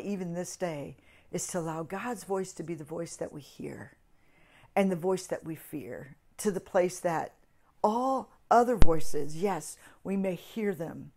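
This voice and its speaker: A woman's voice: lowish voice, a little mellow. A woman giving a short devotional talk for a ministry, earnest, often repeating and restarting phrases as she builds emphasis. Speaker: ministry speaker.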